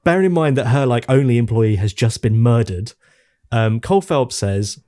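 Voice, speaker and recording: A man co-hosting a casual game-review podcast, telling stories in an animated, exasperated way. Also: medium pitch, moderate pace. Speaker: podcast co-host. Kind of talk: casual chat.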